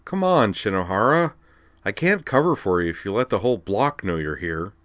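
A man reading aloud and voicing a plaintive dormitory resident advisor, pitched up from his own deep voice. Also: expressive, moderate pace, a bit bright, no room sound. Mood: pleading.

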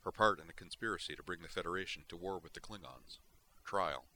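A man narrating a story in a steady, expressive reading style. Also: sits low, fast talker, a little hiss or hum. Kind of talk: audiobook reading of fan fiction.

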